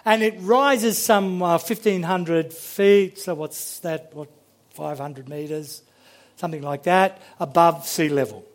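High-voiced man preaching animatedly. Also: slow. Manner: animated, repeats words, acts out voices. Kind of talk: sermon with Bible reading.

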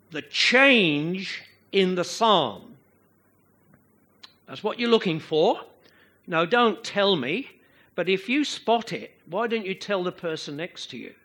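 A man preaching a sermon to a congregation, slow and expressive, sometimes chanting out the rhythms of verse. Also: high voice.

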